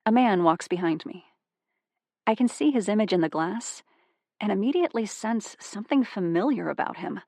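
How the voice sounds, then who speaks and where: A woman narrating a first-person psychological thriller audiobook, tense and hushed in dark moments. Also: medium pitch, lively intonation, normal speed, dry recording, studio quality.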